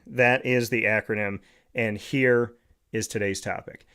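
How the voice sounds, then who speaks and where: A man's voice: lowish voice, steady tone, a little slow, a bit bright, smooth. Male host, motivational monologue; lectures the listener, leans on rhetorical "right?" asides. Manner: lecturing with rhetorical questions, often asks "right?".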